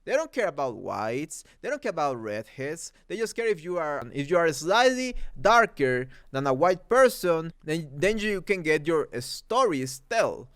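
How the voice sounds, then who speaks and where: A man's voice: on the high side, very animated, measured pace, hardly any pauses. A man from Mexico whose first language is Spanish speaks English with a Mexican Spanish accent, ranting through a heated, sarcastic movie commentary. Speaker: commentary YouTuber.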